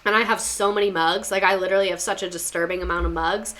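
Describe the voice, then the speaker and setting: A woman's voice: fairly low pitch, steady tone, fast talker, fairly bright tone. A young woman hosting a casual chat show, talking in a sarcastic, chatty way and repeating words for comic effect. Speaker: podcast host. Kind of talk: casual chat reading listener stories.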